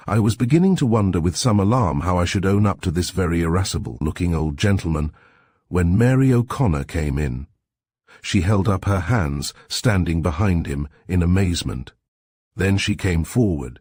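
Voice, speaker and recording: A man reading a sleep story aloud in a calm, soft-spoken, measured way with a husky voice. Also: low voice, dry recording, studio quality.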